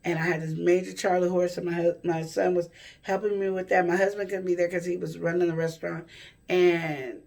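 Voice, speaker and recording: A woman's voice: fairly low pitch, flat delivery, fairly quick, gravelly, darkish tone, far from the mic. A woman vlogger telling a personal story to camera in a rambling, self-correcting way.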